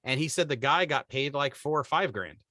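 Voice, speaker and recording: A middle-aged man with a bright, forceful voice tells stories in a loose, joking chat, slipping into the voices of the people he describes. The sound is dry and close, with no room around it. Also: mid-range voice, brisk, dry recording. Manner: animated storyteller, acts out quoted people. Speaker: podcast co-host. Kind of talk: casual chat.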